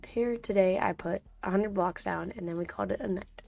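A woman's voice: medium pitch, a little fast, gravelly, darkish tone. A woman streaming a game, muttering to herself in casual chatter and breaking into sudden frustrated outbursts.

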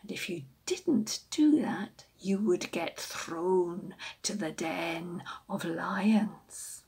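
Brief: slow, breathy woman storyteller for children, hushed and dramatic. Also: on the low side. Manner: hushed, dramatic, often whispered narration.

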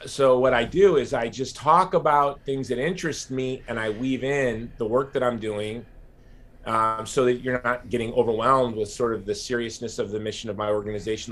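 A man's voice: medium pitch, fairly bright tone. Candid, rambling male guest. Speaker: podcast guest, nonprofit founder. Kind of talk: casual interview talk.

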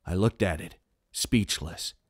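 A man's voice: deep voice, a little slow, dry recording. A man reading a scripted first-person horror story in a tense, dramatic way. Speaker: narrator.

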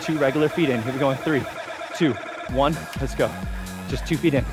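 A man coaching a follow-along workout, energetic, pushing and cheering the viewers on. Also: mid-range voice, a little fast, over music. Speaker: fitness instructor.

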